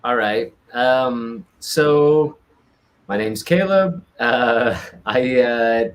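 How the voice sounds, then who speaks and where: A man's voice: mid-range voice, drawn-out words. A man in his thirties with an American accent, a theater director telling his story as a guest in a casual chat. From Utah, United States. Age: 30s. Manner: relaxed, chatty storyteller with teasing humor. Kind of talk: casual conversation.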